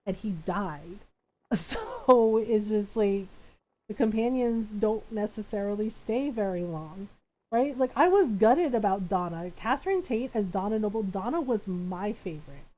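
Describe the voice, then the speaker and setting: A woman streamer chatting casually while she plays a game, excitable and rambling, laughing often. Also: medium pitch, measured pace, rough recording.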